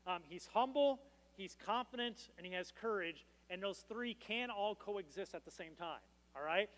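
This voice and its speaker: A man's voice: sits high, lively intonation, moderate pace, fairly bright tone. A man preaching a sermon as pastor, with a casual, joking storytelling manner. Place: church. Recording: long reverb in a church hall.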